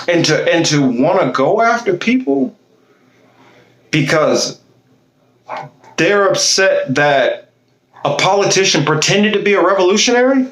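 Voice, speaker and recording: A man's voice: high-pitched, big pitch swings, a little slow, pauses often, fairly bright tone, echoey room, poor audio. A man delivering a blunt, fiery political monologue, impassioned and swearing freely. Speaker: political commentator.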